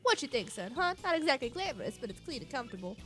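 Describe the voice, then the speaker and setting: A folksy, boastful older man who runs a fighting arena, put on by a woman, drawling and calling everyone son. His voice swings loud and lively. Faint game music plays behind. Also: on the high side, rapid-fire.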